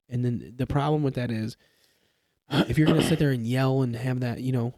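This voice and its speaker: A young man talks casually on a podcast about police work. His voice is mellow and warm, recorded close and dry on a studio mic. He explains through examples, restarting sentences as he goes. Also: medium pitch, fairly even intonation, brisk, creaky, no room sound. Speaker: police trainee or new officer.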